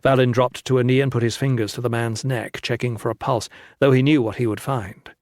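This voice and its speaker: A man narrating a fantasy audiobook with steady, dramatic storytelling on a close studio mic. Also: medium pitch, a little fast, no room sound.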